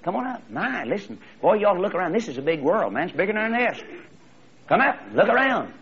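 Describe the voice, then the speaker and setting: A man voicing an eager, restless young eaglet, coaxing and excited, on a slightly muffled recording. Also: sits high, fast talker, a little hiss or hum, voice pushed up.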